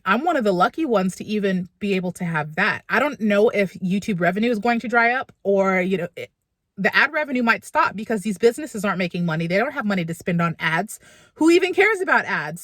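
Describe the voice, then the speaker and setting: A woman's voice: mid-range voice, a bit bright, dry recording, studio quality. A woman vlogging from her car and then a supermarket, candidly venting and getting emotional. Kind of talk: casual personal vlog.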